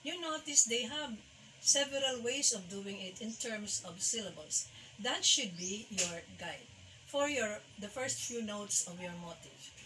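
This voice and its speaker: A woman music teacher from the Philippines giving a recorded lesson, halting and full of fillers as she sounds out names by their syllables. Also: medium pitch, lively intonation. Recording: distant mic with faint background hiss.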